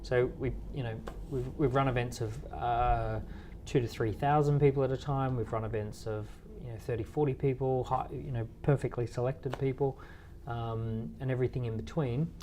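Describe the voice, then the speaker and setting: A man in his thirties talks through ideas in an easy, rambling way, stopping and restarting with fillers as he builds each point. His voice sits at an ordinary middle pitch. Faint room ambience hums behind him. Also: fairly even intonation, normal speed, warm tone, a little hiss or hum. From Australia. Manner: storytelling with quoted dialogue, frequent fillers and restarts. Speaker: entrepreneur guest. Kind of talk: conversational interview answers.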